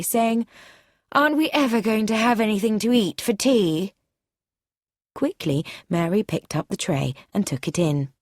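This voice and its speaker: A woman narrates a storybook for learners in a clear, measured way, reading from a script. Her pitch is fairly low and her tone darkish, and the recording is dry and studio-clean.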